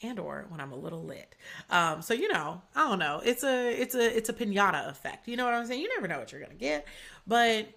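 Woman podcast host, young adult, casual monologue, gravelly fry, filler-heavy chatter. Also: mid-range voice, sing-song, fairly quick, fairly bright tone. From Atlanta, USA. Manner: chatty, candid, heavy use of "like".

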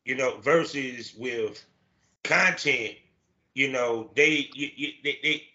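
A man's voice: medium pitch, slow, pushed and bright, dull audio. A man hosting a podcast in casual chat, loose and enthusiastic, swearing freely. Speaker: podcast host.

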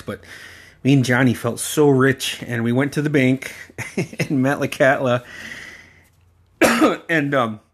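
A man from Alaska telling stories on his podcast in an easy, meandering way. He laughs often, curses casually and circles back on himself, his voice sitting at an ordinary middle pitch. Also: slightly rough. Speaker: podcast host. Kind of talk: casual personal storytelling.

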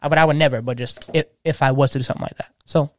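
A man's voice: on the high side, fairly even intonation, rapid-fire. A man in his thirties, a DJ, talking passionately in casual slang and restarting his sentences often. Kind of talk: casual podcast chat.

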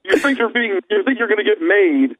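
High-pitched man telling stories with laughs. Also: very animated, a little fast, fairly bright tone, poor audio. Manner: laughing, acts out quotes. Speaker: podcast co-host. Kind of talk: casual storytelling.

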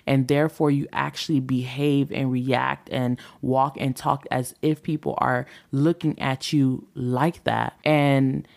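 A woman's voice: a bass voice, little pitch movement, unhurried, creaky, few pauses, a little mellow. A woman in her thirties who hosts a relationship talk show. She talks in a candid, reflective monologue that rambles with fillers.

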